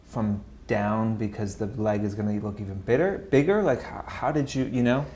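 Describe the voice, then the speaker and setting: A man's voice: fairly low pitch, normal speed, darkish tone. A man hosting a podcast, asking questions in a casual, conversational way with many restarts. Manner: conversational, lots of fillers and restarts. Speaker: podcast host. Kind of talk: casual interview chat.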